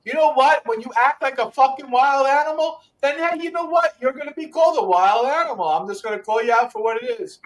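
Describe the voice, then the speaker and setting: Livestream host, male, New York accent, high-pitched, brash and foul-mouthed, keeps repeating himself. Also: expressive, brisk, few pauses, far from the mic. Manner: brash, loud and repetitive, swearing often. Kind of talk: casual profane chat.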